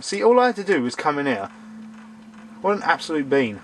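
A man's voice: on the high side, big pitch swings, brisk, pauses often, a little hiss or hum. A man commentating a horror game, sarcastic and shrieking when startled. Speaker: let's play gamer.

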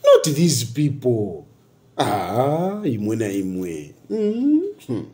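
This Zambian-accented man speaks at a medium pitch but swings hugely up and down, repeating key lines in dramatic, fiery political commentary. Rhetorical questions come one after another in a darker, mellow tone, and he shifts from English to local phrases seamlessly.

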